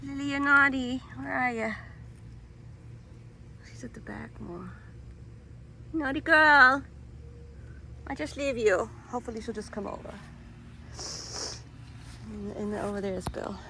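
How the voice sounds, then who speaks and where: A woman's voice: fairly high pitch, measured pace, vocal fry, pauses often, slight background noise. A woman chatting casually as she films her cats and garden, cooing at them and sometimes talking under her breath. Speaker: vlogger. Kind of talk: casual vlog chat. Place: backyard outdoors, then indoors.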